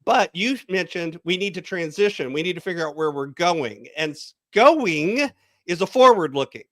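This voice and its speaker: A man's voice: high-pitched, lively intonation, moderate pace, a bit bright, no echo. A man, a coach, guest on a podcast interview, leading a guided visualization in a storytelling manner.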